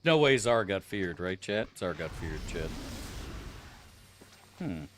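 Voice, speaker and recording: A man's voice: low-pitched, big pitch swings, slow pace, a little hiss or hum. A man streaming a game, chatting casually to his chat with a profane, joking manner. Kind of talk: casual gameplay commentary.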